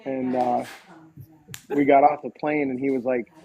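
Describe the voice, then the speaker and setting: A man in casual conversation, spinning a long story with plenty of "like" and restarts, his voice sitting at an ordinary middle pitch. A faint hiss of noise sits under the audio. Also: unhurried, rough recording. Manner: animated storyteller, quotes others, frequent fillers and restarts. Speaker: podcast guest.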